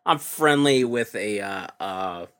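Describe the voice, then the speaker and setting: A man's voice: fairly low pitch, takes it slowly, smooth. A man co-hosting a comedy podcast, telling stories and acting out the people in them. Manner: animated storyteller, acts out quotes. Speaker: podcast co-host. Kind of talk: casual podcast banter.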